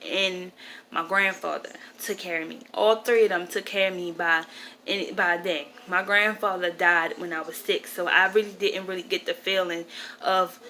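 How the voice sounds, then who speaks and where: A woman's voice: lowish voice, steady tone, normal speed, pushed and bright, slight background noise, poor audio. A woman in her twenties, upset and grieving, telling a rambling personal story to camera and often correcting herself. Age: 20s. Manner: rambling, emotional, self-correcting. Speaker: vlogger.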